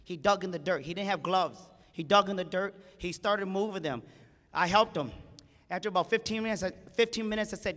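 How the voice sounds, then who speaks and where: A man's voice: sits high, fairly quick, fairly bright tone. A man giving a heartfelt speech at a conference, telling a family story with emotion and acting out the quoted voices. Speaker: conference speaker. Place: conference hall stage. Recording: large hall reverb.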